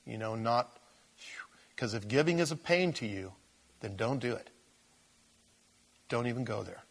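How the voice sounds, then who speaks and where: A man's voice: mid-range voice, animated, measured pace, vocal fry, breathy edge. Folksy, rambling male pastor. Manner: rambling, folksy, self-correcting. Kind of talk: conversational Bible teaching.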